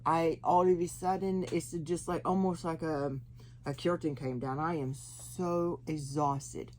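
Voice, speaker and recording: A woman from Oklahoma with an Oklahoma accent and slowed, halting speech after a stroke, chatting and laughing as she tells her story in an interview. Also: low voice, fairly even intonation, a little mellow, slight background noise. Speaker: interview guest. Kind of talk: personal testimony.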